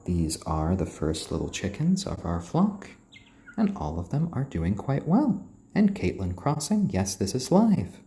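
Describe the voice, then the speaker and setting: A man hosting a casual live stream, talking in a soft, slow, soothing voice to keep his chickens calm while he reads out viewer comments. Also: fairly low pitch. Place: indoors, roomy. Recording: roomy echo.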